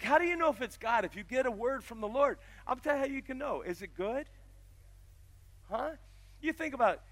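A man preaching a sermon, telling stories and rising to loud, emphatic passages. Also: sits high. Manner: storytelling, swells loud and emphatic. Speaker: pastor.

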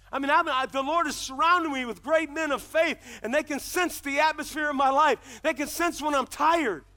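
A middle-aged man preaching a sermon as pastor, with impassioned delivery that builds to shouts. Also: very high-pitched.

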